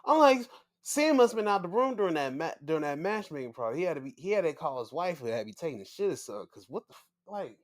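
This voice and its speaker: A man hosting a casual wrestling recap show, excitable and profane, often acting out his own reactions. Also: on the high side, quick pace. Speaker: podcast host.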